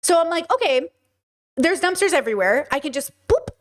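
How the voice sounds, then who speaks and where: Woman, high-pitched, expressive, rambling, from the US, casual chat. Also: brisk. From United States. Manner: animated, rambling, expressive, swearing. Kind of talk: casual discussion.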